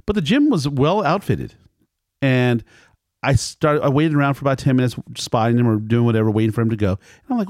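A man's voice: mid-range voice, brisk, darkish tone, no echo, studio quality. A middle-aged man telling a family story in casual conversation, rambling and correcting himself as he acts out quoted lines.

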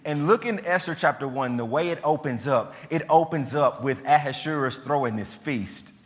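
A man delivers a sermon in a fairly high voice, telling the scripture story in lively, slangy, conversational terms. His words ring out with a long reverb, as if in a large hall. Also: normal speed. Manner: animated, colloquial storytelling with slang. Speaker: preacher.

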